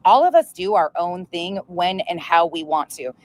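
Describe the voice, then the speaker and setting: Low-voiced sarcastic woman reacting to clips. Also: animated, normal speed. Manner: blunt, sarcastic retorts. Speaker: commentary channel host.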